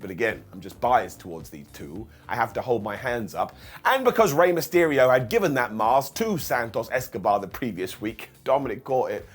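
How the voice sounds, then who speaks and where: A man's voice: medium pitch, breathy edge. A man reviewing a wrestling show in a casual, sarcastic recap, acting out quotes in funny voices.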